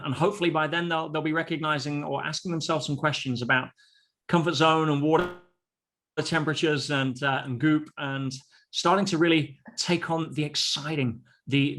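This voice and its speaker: A male podcast guest speaks in an animated, anecdotal manner, often doubling back on his words. His voice sits at a middle pitch. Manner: animated, anecdotal, with frequent restarts. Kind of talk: casual storytelling interview.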